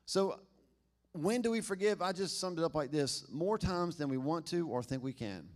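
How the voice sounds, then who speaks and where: A man's voice: a little high, expressive, normal speed. A man preaching a sermon in a casual, conversational way, often asking the congregation questions. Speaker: pastor.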